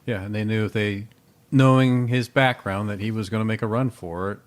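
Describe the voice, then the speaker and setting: A man's voice: on the low side, fairly even intonation, a little fast. A man co-hosting a podcast in casual, joking, rambling chat. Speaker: podcast co-host.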